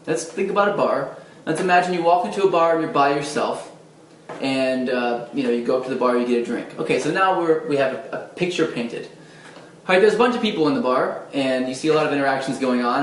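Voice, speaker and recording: A man's voice: a little high, reverberant, slight background noise, low-quality recording. A man giving a casual, demonstrative dating lesson, talking conversationally with fillers and restarts. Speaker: dating coach. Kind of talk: casual instructional talk to camera.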